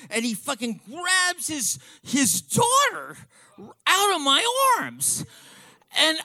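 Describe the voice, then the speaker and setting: Man, fifties, comic storyteller; bright, sharp tone, excitable and profane, tripping over his own restarts. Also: very high-pitched, normal speed, dry recording.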